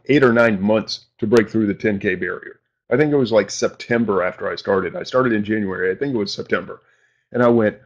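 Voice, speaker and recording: Low-voiced man chatting on a dull stream. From New England. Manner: rambling and informal, with mild slang and self-deprecating asides. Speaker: live-stream show host. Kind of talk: casual live-stream chat.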